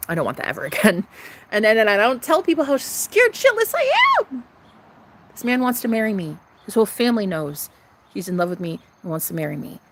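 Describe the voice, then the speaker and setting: A woman talking candidly and profanely to her viewers in a casual vlog, dropping into whispers and rising into loud bursts. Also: medium pitch, gravelly, husky. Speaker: vlogger.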